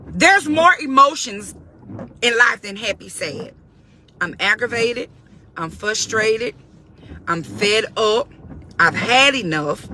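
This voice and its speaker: A woman's voice: on the high side, lively intonation, slow, pauses often, pushed and bright, slight background noise. A woman giving an informal, faith-based encouragement talk, emphatic and conversational and repeating her key points. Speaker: faith-based motivational speaker.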